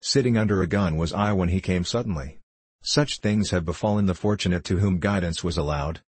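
A man reading the part of a calm, solemn old monk in a storybook. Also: deep voice, a little fast, husky, no echo. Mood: serene.

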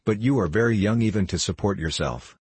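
A man voicing a frail, dying mother who speaks low and weakly, in a storybook reading. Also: brisk, husky, dry recording. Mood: weak, anxious. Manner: low, weak voice.

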